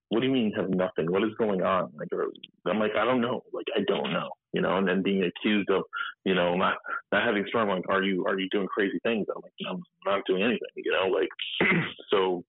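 Man, 30s, low voice, gravelly, husky, halting with lots of fillers, tinny phone-line sound. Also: dry recording. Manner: halting, filler-heavy storytelling, acting out quotes. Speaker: guest. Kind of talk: candid interview over a phone line.

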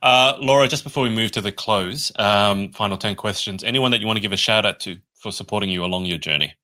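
A male podcast host running an interview in a friendly, measured way. His voice sits a bit low with a bright, forward edge. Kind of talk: interview hosting.

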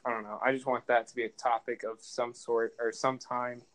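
A man's voice: mid-range voice, flat delivery, fairly quick, fairly bright tone, poor audio. Rambling young man on a podcast. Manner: rambling, laughs often, swearing. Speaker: podcast co-host. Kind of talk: casual chat.

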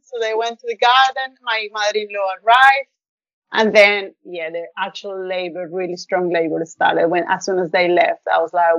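A woman's voice: mid-range voice, steady tone, unhurried, a bit bright, dry recording. A woman shares a personal story as a podcast guest, effusive and heartfelt, her speech full of little fillers. The sound is dry with no room around it, and a bit dull and lo-fi. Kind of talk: casual storytelling interview.

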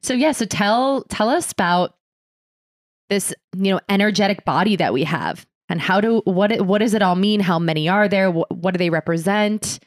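A woman's voice: medium pitch, normal speed, no echo, clean studio sound. A woman hosting a podcast, chatty and easygoing as she introduces her guest. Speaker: podcast host. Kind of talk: casual interview chat.

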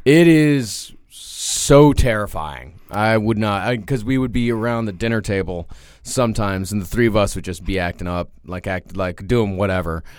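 A man's voice: lowish voice, fairly even intonation, fairly quick, clear, resonant tone, no echo, clean studio sound. A man co-hosting a podcast in casual chat, easygoing and hesitant, with many fillers as he tells stories. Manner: easygoing, frequent fillers, laughs along. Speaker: podcast co-host.

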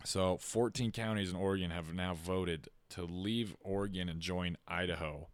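A man co-hosting a podcast, ranting in an animated, exaggerated way during casual chat. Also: deep voice, normal speed, dry recording. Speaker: podcast co-host.

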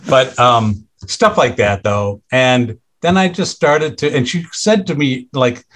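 A man's voice: medium pitch, fairly bright tone. Middle-aged man telling a candid story. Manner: halting, with frequent restarts and fillers; acts out others' lines in quoted voices. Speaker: podcast guest.

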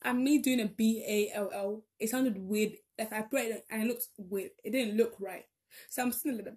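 A woman's voice: on the high side, moderate pace, a little mellow. A young woman, chatting casually and rambling as she corrects herself along the way. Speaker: vlogger. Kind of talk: casual chat.

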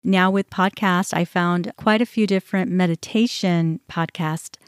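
A woman's voice: fairly low pitch, steady tone, measured pace, clean tone, no echo, studio quality. A middle-aged woman hosting a podcast, telling a personal story in a candid, conversational way with many fillers. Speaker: podcast host.

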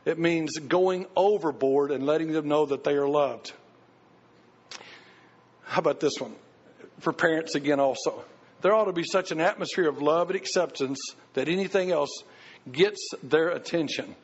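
A middle-aged male pastor with a fairly high, husky voice preaches in a folksy, earnest storytelling way. The recording is dull and lo-fi. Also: normal speed. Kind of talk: sermon.

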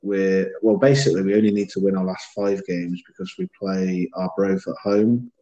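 Mellow Shropshire man chatting football. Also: low voice, steady tone, normal speed, highs cut off. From Shropshire, England. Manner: chatty, laughs often, self-mocking. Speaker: podcast co-host. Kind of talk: casual football chat.

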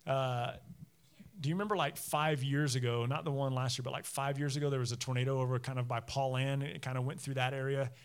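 Speaking in a steady, smooth mid-range voice at a brisk clip, this man, likely in his thirties or forties, delivers a conversational sermon at church. He's a pastor who leans on personal anecdotes and laughs often.

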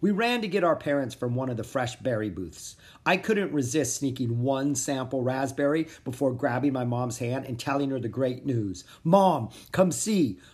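An expressive narrator reading a children's chapter book aloud. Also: mid-range voice, moderate pace, hardly any pauses. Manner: expressive, animated storytelling. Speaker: audiobook narrator.

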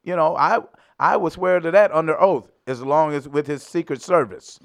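A man in loud, profane, laughing podcast banter. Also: on the high side, normal speed, vocal fry.

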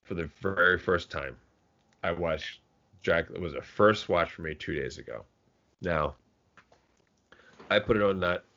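A man's voice: deep voice, moderate pace, long pauses, sharp tone. A man co-hosting a podcast, chatting casually about movies, rambling with frequent restarts and casual swearing. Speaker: podcast co-host. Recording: dull lo-fi podcast audio.

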